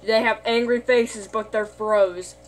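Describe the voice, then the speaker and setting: A woman's voice: a little high, steady tone, takes it slowly, slight background noise. A woman casually retelling a cartoon's plot in a rambling way, full of fillers and self-corrections. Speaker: video host.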